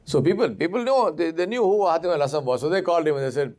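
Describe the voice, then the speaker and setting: A man gives a sermon as a story, with a fairly high voice. He tells it with animation and slips into voices for the people in the tale. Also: lively intonation, racing, hardly any pauses. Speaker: preacher.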